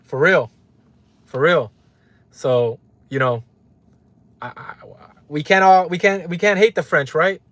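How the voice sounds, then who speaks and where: Higher-voiced man ranting on a livestream. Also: takes it slowly, pauses often, a bit bright, no echo. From Los Angeles, United States. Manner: heated, profane, repeats "right?" for emphasis; reads viewer names and answers chat. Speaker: livestream host. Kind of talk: live-stream rant to chat.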